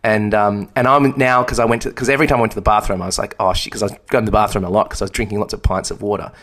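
A man's voice: lowish voice, steady tone, rapid-fire, fairly bright tone. A young man co-hosting a casual chat, telling a rambling, self-deprecating story. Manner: rambling, self-deprecating, acts out quoted voices. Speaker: podcast co-host.

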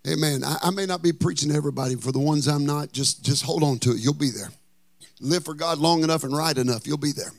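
A man's voice: fairly high pitch, quick pace, no echo. A man preaching a sermon as pastor, impassioned, with a chanted, singsong cadence.

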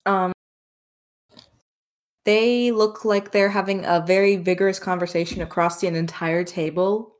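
A woman narrating a tabletop game as game master, relaxed and giggly between descriptions. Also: medium pitch, measured pace, pauses often. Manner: relaxed, giggly, voices characters.

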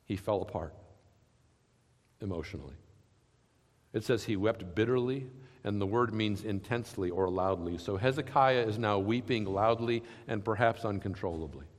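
Earnest preacher in a reverberant sanctuary. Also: male voice, moderate pace. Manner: earnest, questioning, dropping to soft lows. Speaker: pastor. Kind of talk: sermon. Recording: long hall reverb.

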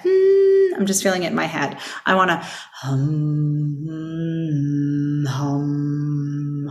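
A woman hosting a self-help podcast, speaking in a gentle, reflective and soothing way. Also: fairly low pitch, reverberant. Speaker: podcast host and coach. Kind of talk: personal self-help talk.

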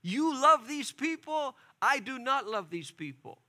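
A furious prophet pours out his complaint to God, pitched high and loud above the teller's usual voice, as a preacher acts him out. The tone is bright and cutting, each plea pushed hard and exasperated. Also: big pitch swings, a little slow, exaggerated voice. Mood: bitter. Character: bitter resentful male prophet praying in anger.

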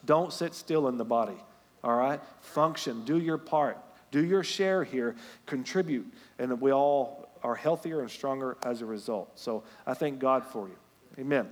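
A man preaching a sermon as pastor, animated and storytelling, climbing to loud emphatic peaks. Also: mid-range voice, moderate pace. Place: church sanctuary. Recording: long hall reverb.

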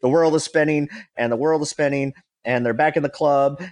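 Fairly high in pitch with a steady, slightly mellow tone, this male show regular narrates a music video live in a frantic rush. He stammers, sounds exasperated, and both swears and laughs.

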